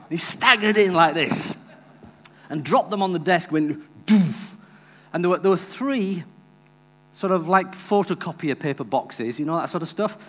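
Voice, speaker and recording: A man's voice: sits high, fairly bright tone. A man preaching a sermon as a visiting preacher, telling a personal story and acting out the people he quotes.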